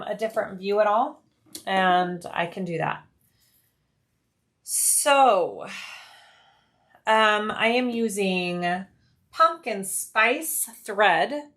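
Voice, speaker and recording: A woman's voice: medium pitch, fairly bright tone. A middle-aged woman hosting a casual livestream as she sews, chatting, explaining each step and reading out viewer comments. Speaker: live stream host. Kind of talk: casual livestream chat while sewing.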